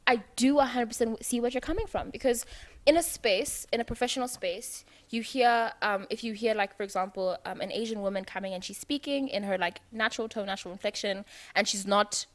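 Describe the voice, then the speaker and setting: South african woman on a youth panel, earnest, lots of "like"s, thinking out loud. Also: on the high side, a little fast. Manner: earnest, thoughtful, uses "like" a lot. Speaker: youth talk show panelist. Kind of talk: casual panel discussion.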